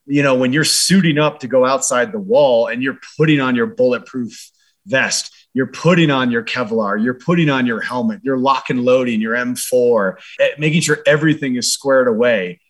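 Man, interview guest, earnest, reflective, lots of fillers, mid pitch. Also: normal speed. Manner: earnest, frequent fillers like "you know" and "like". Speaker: interview guest, former military advisor. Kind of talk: reflective conversational storytelling.

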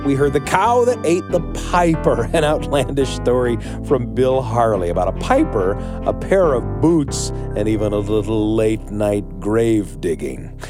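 A man hosts a storytelling show and reads a friendly, scripted introduction in a steady, middle-pitched voice. Quiet guitar plays underneath him. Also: unhurried. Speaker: radio show host. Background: faint guitar music.

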